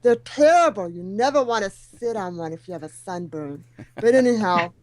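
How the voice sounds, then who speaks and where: A middle-aged woman guest whose speech is shaped by hearing loss, with high sounds softened or missing, telling her story with self-deprecating humor. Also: animated, normal speed, no room sound, rough recording. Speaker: guest speaker. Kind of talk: talk show interview.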